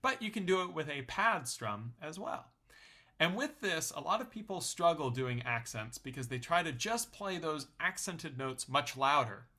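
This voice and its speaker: A man's voice: fairly high pitch, big pitch swings, normal speed, bright, forceful tone. A young man teaching a ukulele lesson in a friendly, explanatory way, counting beats aloud. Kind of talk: online music lesson.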